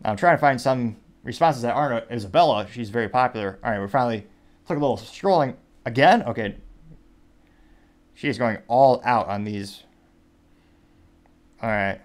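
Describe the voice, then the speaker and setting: A man's voice: mid-range voice, animated, moderate pace, pauses often. A man hosting a commentary show, reading social media posts and memes aloud with wry, rambling asides. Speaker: host.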